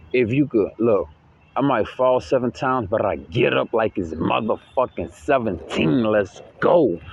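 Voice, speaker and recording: A man's voice: medium pitch, a little mellow. Slangy hyped-up motivational man. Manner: slangy, repeats "you know what I'm saying"; preachy, hyped, repetitive. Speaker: self-help vlogger. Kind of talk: casual motivational monologue. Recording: dull lo-fi audio with faint noise.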